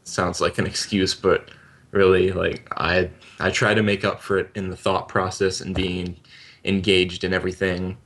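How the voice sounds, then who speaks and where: A man's voice: low-pitched, a bit bright. A young man in his late teens talking earnestly and a bit hesitantly as co-host of a gaming channel. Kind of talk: casual chat.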